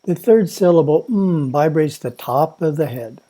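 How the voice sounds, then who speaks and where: A man at a monastery reading a prepared spiritual talk in a measured, instructive way. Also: fairly high pitch, expressive, dark tone. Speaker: monastery teacher.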